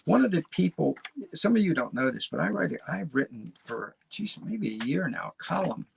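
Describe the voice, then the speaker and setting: A man's voice: a little high, big pitch swings, normal speed, vocal fry, slight background noise. A man from the United States hosting his podcast in a casual, rambling monologue, restarting phrases and chatting to his listeners. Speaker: podcast host.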